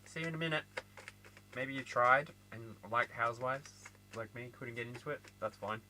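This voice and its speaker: An Australian man giving a casual tarot reading, chatty and animated, with frequent laughter and asides. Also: medium pitch, moderate pace, a little hiss or hum, poor audio. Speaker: tarot reader.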